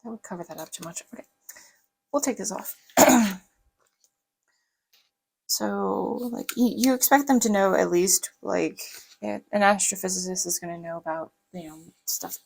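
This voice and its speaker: A woman's voice: medium pitch, moderate pace, creaky, long pauses, darkish tone, husky, poor audio. A woman with a light Southern US accent, rambling in a chatty, casual way while she works on a planner. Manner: rambling, chatty, lots of fillers. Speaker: planner vlogger.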